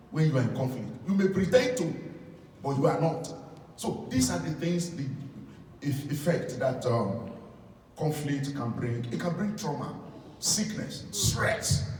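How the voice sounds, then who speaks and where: A man preaching in a church hall, his voice carrying from a distance across long, roomy echoes. He sits at a middle pitch and tells stories from the pulpit, repeating key phrases to drive them home. A faint hum of the room sits behind him. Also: dark tone. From Nigeria. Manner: storytelling, repeats phrases for emphasis. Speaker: pastor. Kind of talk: sermon.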